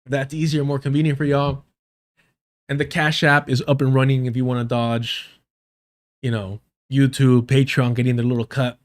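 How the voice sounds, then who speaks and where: A man's voice: medium pitch, level tone, moderate pace. A young man hosting a live stream, ranting with heavy profanity and scorn. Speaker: livestream host.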